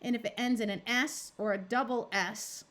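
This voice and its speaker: A woman tutor giving a recorded phonics lesson, explaining each step patiently and sounding words out clearly. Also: fairly high pitch, fairly even intonation, normal speed, a bit bright. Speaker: reading tutor.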